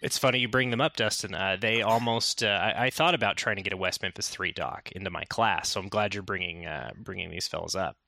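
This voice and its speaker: A man co-hosting a casual film discussion, eager and halting, restarting his sentences often. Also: low voice, vocal fry, sharp tone, no echo. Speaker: podcast co-host, teacher.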